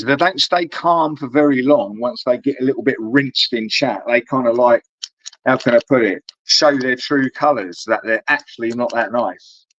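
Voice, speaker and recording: A man chatting casually, rambling, swearing often and getting animated as he goes. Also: medium pitch, no echo. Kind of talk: casual chat. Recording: dull dry recording.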